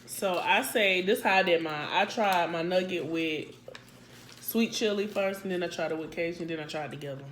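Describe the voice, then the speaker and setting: A woman's voice: on the low side, moderate pace, fairly bright tone, a little hiss or hum. A woman chatting casually to viewers while eating, talking them through the food at home. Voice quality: chatty, addresses viewers as y'all. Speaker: family vlogger. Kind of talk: casual mukbang chat.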